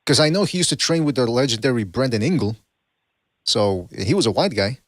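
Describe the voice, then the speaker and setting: A man hosting a call-in podcast, talking in loose, animated chat with a mocking edge and lots of restarts. English is not his first language. His voice sits mid-range and sounds close and dry. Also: mid-range voice, brisk, no room sound. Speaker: podcast host. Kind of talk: casual call-in show chat.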